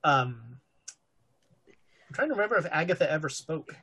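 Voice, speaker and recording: A woman's voice: low-pitched, sing-song, moderate pace, a bit bright, husky. Hesitant woman running a tabletop game. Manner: hesitant, many fillers while narrating. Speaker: game master. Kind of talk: narrating a tabletop horror game.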